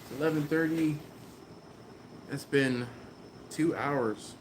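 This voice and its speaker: Slow-talking man hosting a live stream. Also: fairly high pitch, slight background noise. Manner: chatty, laughs often, reads viewer comments aloud. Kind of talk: casual live-stream chat. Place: warm garage beside a running smoker. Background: fan running.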